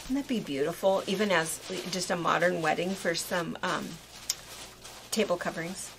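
A woman's voice: on the low side, moderate pace, vocal fry. Woman showing fabrics with background hiss. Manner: friendly explaining, gives sewing tips. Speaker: quilt shop co-host. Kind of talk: casual product showcase.

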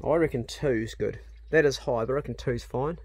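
A man's voice: medium pitch, normal speed, breathy edge, no room sound. A New man, chatting casually and joking while building a garden in a glasshouse. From New Zealand. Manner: relaxed, joking, swears casually. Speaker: channel host.

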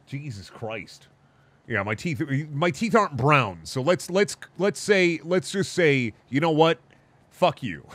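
A man's voice: medium pitch, fairly bright tone, breathy edge. A man streaming a video game, ranting and swearing in a casual, mock-outraged way. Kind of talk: casual gaming stream commentary.

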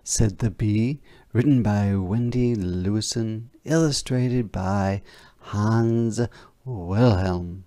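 A man reading a children's picture book aloud in a slow, sing-song storytelling manner, putting on animal sounds. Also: lowish voice, mellow. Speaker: storybook reader.

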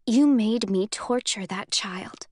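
A woman's voice: medium pitch, slow pace, a little mellow, breathy edge, no echo, clean studio sound. A woman reading a furious, shaking young heroine. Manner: raised, shaking, accusing.

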